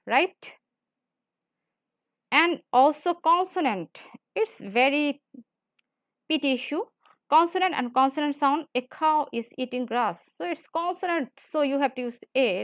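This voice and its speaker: A woman's voice: high-pitched, dry recording, studio quality. A woman teaching grammar in a classroom lecture style. She repeats points and often checks in with "right?". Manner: repetitive, explains slowly with frequent "right?".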